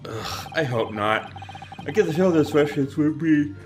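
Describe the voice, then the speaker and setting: A man's voice: a little high, lively intonation, moderate pace, lightly acted. A man voicing a nervous young man who stammers when accused, over game music. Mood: worried. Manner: flustered, stammering.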